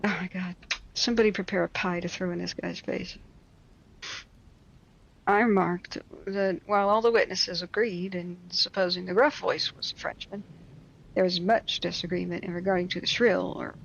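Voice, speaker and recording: Woman, story reader, wry mocking asides, explains old words, gravelly, muffled lo-fi recording. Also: lowish voice. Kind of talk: reading a classic story aloud with asides.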